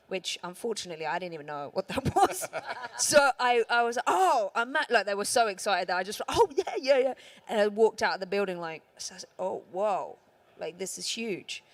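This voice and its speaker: A woman with a London accent, a voice actress on a conference panel, telling stories chattily and laughing often. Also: medium pitch. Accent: London English. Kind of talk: casual panel chat.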